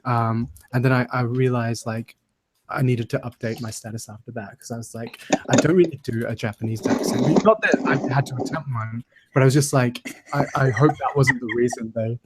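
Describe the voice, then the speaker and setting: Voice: mid-range voice, fairly even intonation, normal speed, heavy background noise. A host chatting casually with a voice cast over a call, eager and laughing often. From Australia. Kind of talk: casual group chat on a call.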